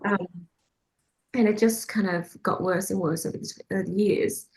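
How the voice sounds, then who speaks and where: A woman's voice: mid-range voice, fairly even intonation, moderate pace, noisy background. A woman leading a faith group meeting, telling a personal story casually with many fillers and frequent laughs. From Australia. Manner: chatty, hesitant with frequent fillers, laughs often. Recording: roomy echoey sound.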